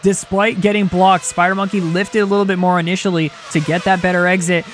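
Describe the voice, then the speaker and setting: A young man commentating a sim racing league race live, excitable and quick to shout at close battles. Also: high-pitched, faint music behind.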